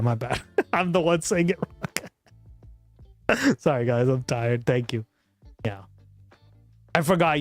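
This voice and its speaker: A man's voice: medium pitch, dry recording. A man hosting a livestream, chatting casually with a rambling, profane manner and frequent laughter. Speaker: livestream host. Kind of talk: casual chat.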